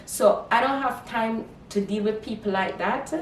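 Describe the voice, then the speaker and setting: Unhurried and fairly high-pitched, a female vlogger tells a casual story, acting out her own words in Creole with animation. The mic sits at a distance in an echoey room, with a little background noise.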